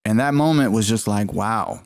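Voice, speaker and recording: A man's voice: on the low side, moderate pace, gravelly, dry recording. A man co-hosting a podcast, telling rambling stories in casual chat, swearing freely and acting out what people said. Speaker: podcast co-host.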